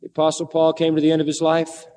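A man preaching a sermon in a lively storytelling manner, acting out the quoted lines. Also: a little high, fast, long reverb tail.

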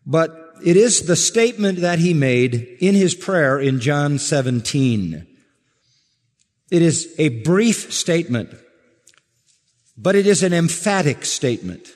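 A man preaching a sermon to a congregation, measured and emphatic, stressing words slowly. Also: fairly high pitch, sing-song, darkish tone, in a large hall. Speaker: pastor.

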